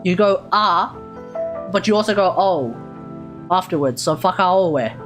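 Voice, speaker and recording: A woman's voice: on the low side, animated, brisk, over music. Australian woman streamer sounding out words. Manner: thinking aloud, sounding out foreign words. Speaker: live streamer. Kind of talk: casual live-stream chat.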